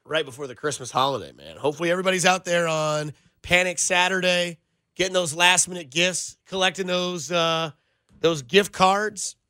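Man, sports radio host, studio, energetic, joking, bright forceful tone, slightly high voice. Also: moderate pace, clean tone, no echo.

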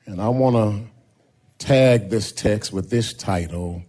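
A man preaching a sermon as pastor, drawing out key words slowly and building to loud, rising shouts. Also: lowish voice. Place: church sanctuary.

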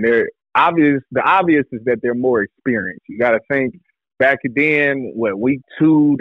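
Laid-back former defensive back, dry radio sound. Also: male voice, medium pitch, dry recording, dull audio. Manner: loose, laughing, drawn-out storytelling. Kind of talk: casual interview talk.

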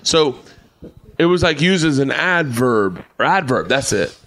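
A middle-aged man, a tipsy comedian, telling loud, animated stories on a late-night podcast backstage at a comedy club, laughing and talking over the others. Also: medium pitch, a little slow, slight background noise.

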